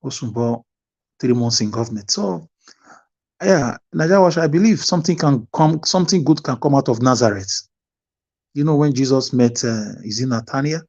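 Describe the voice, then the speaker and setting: A man's voice: medium pitch, expressive, normal speed, darkish tone, dull audio. A Nigerian man speaking fervently in an online discussion, preaching and repeating phrases for emphasis. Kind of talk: impassioned discussion.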